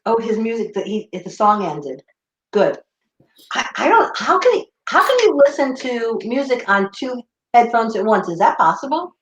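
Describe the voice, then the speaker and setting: A woman co-hosting a chatty show from home, animated and easily sidetracked. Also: fairly high pitch, moderate pace, echoey room, poor audio. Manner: animated, scattered, laughing. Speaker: podcast co-host. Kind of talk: casual chat. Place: home room.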